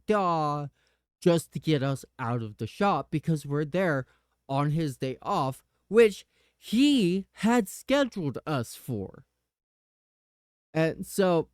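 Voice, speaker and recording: A man hosting a podcast, telling a personal story in a casual, animated way with the odd curse word. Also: on the high side, clean tone, no echo, clean studio sound. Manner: animated retelling, swearing. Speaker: podcast host.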